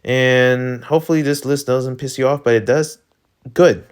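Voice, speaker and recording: A man with a Filipino accent talks at a medium pitch in loose, excitable vlog commentary. He rambles and leans hard on fillers. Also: moderate pace, clear, resonant tone. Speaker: vlogger ranking breakdancers. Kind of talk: casual commentary.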